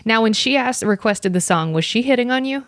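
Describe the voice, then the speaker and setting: A woman hosts a casual podcast, reacting bluntly and laughing often. Her pitch swings widely as she talks. The sound is dry and close, with no room echo. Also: animated, brisk, fairly bright tone. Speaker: podcast host. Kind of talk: casual interview chat.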